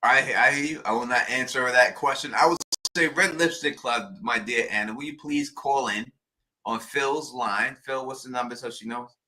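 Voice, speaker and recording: A man's voice: medium pitch, normal speed, pushed and bright, slight background noise. A man with a Queens, New York accent, co-hosting a live stream in casual chat, emphatic and often restarting his sentences. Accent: New York City, Queens.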